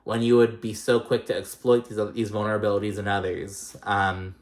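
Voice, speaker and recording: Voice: deep voice, little pitch movement, normal speed. A vlogger giving a casual, chatty recap of a reality show episode, swearing freely and using lots of "um" and "like". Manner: chatty, swearing, many fillers.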